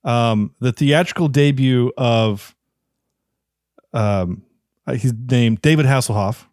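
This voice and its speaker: A man's voice: mid-range voice, slow pace, darkish tone, dry recording, clean studio sound. Enthusiastic man hosting a podcast. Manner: enthusiastic, rambling with restarts. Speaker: podcast host. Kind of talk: casual chat.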